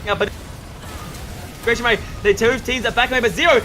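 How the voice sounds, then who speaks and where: A man with an Australian accent giving excitable play-by-play commentary on a school esports match, shouting at the big plays. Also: very high voice, fairly quick, slight background noise. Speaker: esports caster.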